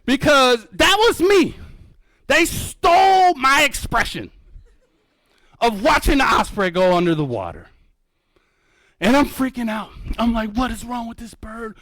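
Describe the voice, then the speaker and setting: A man with a strikingly high, bouncing voice tells a story to a live audience, swinging from hushed asides to excited outbursts. He calls the crowd folks and acts out his own past reactions. The sound is close and dry. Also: no room sound. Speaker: keynote speaker and birder. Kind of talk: animated storytelling talk. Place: museum event hall.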